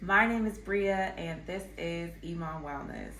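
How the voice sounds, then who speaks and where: A young woman hosting a casual health-tips vlog. She talks in a chatty, playful way, jokes at herself and fills her pauses with "um". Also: fairly low pitch, huge pitch swings, fairly bright tone, reverberant, slight background noise. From not from Texas. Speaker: wellness channel host.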